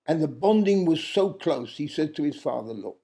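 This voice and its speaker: A man recounting an old folk tale with a gravelly, somewhat high voice. He takes his time and pauses between phrases. His tone is mellow, and he breaks off now and then to correct himself. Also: animated. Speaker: storyteller. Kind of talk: oral storytelling of a traditional tale.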